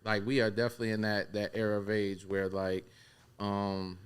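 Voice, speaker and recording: A man who works as a barber and DJ, talking earnestly in casual chat, often halting and repeating words as he makes his point. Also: fairly low pitch, monotone, smooth.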